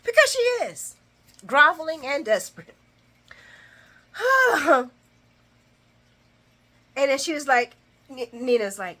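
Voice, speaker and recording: A woman hosting a casual soap opera recap, animated and laughing, with dramatic exclamations. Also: sits high, slow pace, pauses often.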